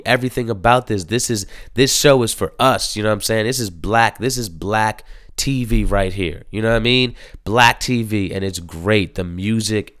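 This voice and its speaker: A man's voice: fairly low pitch, a bit bright, clean tone, dry recording, studio quality. A man giving a casual spoken review of a TV show, rambling and profane, with many fillers.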